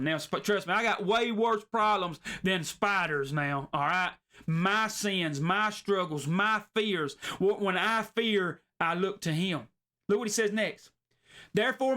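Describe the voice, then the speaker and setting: A man preaching a sermon in an earnest, folksy way, slowing down to stress his points. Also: high voice, sharp tone. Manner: folksy, earnest, slows down for emphasis.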